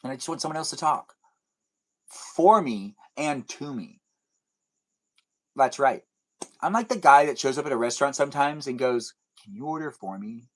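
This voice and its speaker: A man's voice: medium pitch, expressive, normal speed, pauses often, rough recording. A young man hosting a casual livestream, chatting and joking in a rambling, self-deprecating way as he answers viewers. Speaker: livestream host. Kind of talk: casual chat reading viewer comments.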